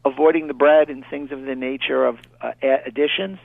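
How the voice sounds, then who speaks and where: A man's voice: medium pitch, steady tone, vocal fry, no room sound. A man with a New York accent, a chiropractor guest answering questions on a radio show in a confident, emphatic way. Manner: emphatic, confident, quick with punchy health rules. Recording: tinny dry phone line.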